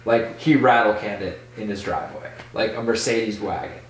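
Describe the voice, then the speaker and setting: A man who is a podcast guest telling a casual story in an animated way, full of "like". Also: on the low side, normal speed, far from the mic, slight background noise. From Michigan. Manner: animated, full of "like", acts out voices in quotes. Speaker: podcast guest, BMX rider. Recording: echoey room, off-mic.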